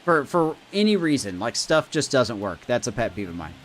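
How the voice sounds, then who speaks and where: A man's voice: medium pitch, normal speed, faint music behind. A man streaming a baseball video game, cheering plays, ranting and chatting with his viewers. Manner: animated, cheering and ranting, talks to chat. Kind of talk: live gameplay commentary.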